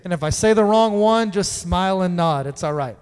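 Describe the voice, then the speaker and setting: A man's voice: high-pitched, a little fast, darkish tone, clean tone. A man preaching a sermon in a church, conversational and playful with the congregation. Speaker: pastor. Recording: long hall reverb.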